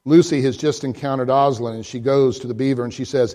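A male pastor giving a sermon, swinging from loud, high swells to quiet, hushed drops, and reading a story aloud with voices. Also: steady tone, brisk.

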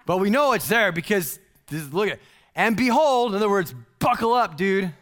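A man pastor giving a casual, humorous sermon, full of playful slang and animated asides. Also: high-pitched, fairly quick.

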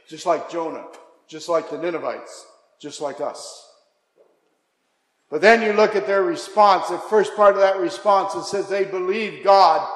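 A man preaching a sermon, impassioned, dropping to a hush and then rising again. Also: high-pitched. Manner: impassioned, swings from hushed to raised. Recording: echoey hall.

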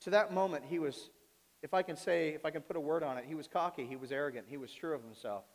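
A male pastor preaching a sermon, swinging between quiet asides and loud, pleading outbursts. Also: a little high, quick pace. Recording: long reverb of a large hall.

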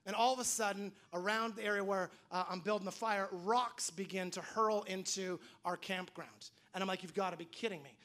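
A man's voice: high-pitched, bright, forceful tone. A man preaching a sermon, telling a story animatedly, acting out the voices he quotes and often restarting his words. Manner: frequent restarts and repeated words. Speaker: pastor.

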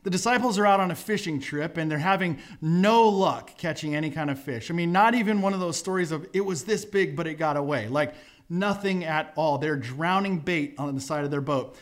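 Lively, conversational male pastor. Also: a little high, a little fast. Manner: conversational, acts out quotes with voices. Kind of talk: casual sermon storytelling.

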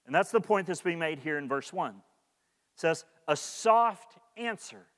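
A man's voice: on the high side, moderate pace, in a large hall. A man preaching a sermon as pastor, earnest and repeating his key points for emphasis.

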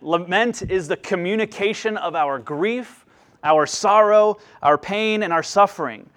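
Earnest male pastor, slightly raised pitch, sermon delivery with emphatic peaks and hushed drops. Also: measured pace. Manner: earnest, swings between emphatic rises and hushed low asides.

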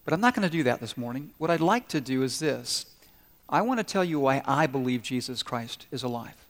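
A man's voice: mid-range voice, expressive, a little fast, big-room sound. A man preaching a sermon as a pastor, telling stories and talking directly to his congregation. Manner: storytelling, conversational and direct with the congregation.

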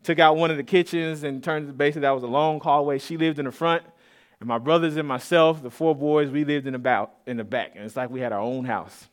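A man from east Austin preaching a sermon to his congregation, telling stories in a relaxed, conversational way with asides. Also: a little high, brisk. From east Austin, Texas. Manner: conversational, storytelling, with asides and laughs. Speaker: pastor. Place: church sanctuary.

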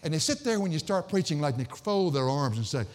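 A man preaching a sermon as pastor, swinging between loud emphatic declamation and low, conversational asides. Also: big pitch swings, a little fast, in a large hall.

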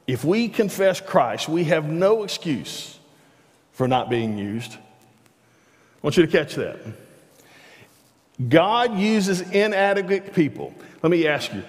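Male pastor preaching in a reverberant hall. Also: mid-range voice. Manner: conversational preaching with repeated restarts, animated rises. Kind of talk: sermon. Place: church sanctuary.

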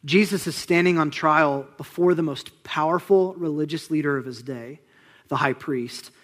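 A young man preaching with lively, conversational energy, his voice sitting a little high. He acts out the people in the passage and sinks to near-whispers for weighty points. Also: moderate pace. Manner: animated, conversational preaching with dramatic drops to a hush. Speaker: pastor. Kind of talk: sermon.

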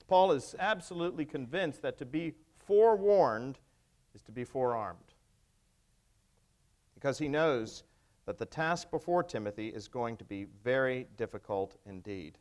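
A man's voice: mid-range voice, unhurried, darkish tone. A male pastor preaching a sermon, emphatic and wry, asking the congregation rhetorical questions. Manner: wry humor.

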